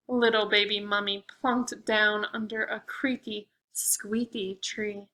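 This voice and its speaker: A woman librarian reading aloud at a preschool storytime, animated and asking the children questions. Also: a little high, slow pace, poor audio.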